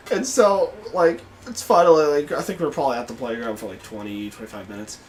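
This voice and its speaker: A young man hosting a podcast, telling a story in casual chat, swearing freely and shouting out the quoted lines. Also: on the high side, animated, normal speed, few pauses, soft background music. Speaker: podcast host.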